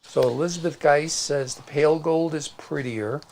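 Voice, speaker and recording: A man's voice: fairly high pitch, moderate pace, creaky, darkish tone, slight background noise. A man with a Midwestern accent co-hosting a casual crafting livestream, chatting and reading out viewer comments. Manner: chatty, storytelling, reads out comments.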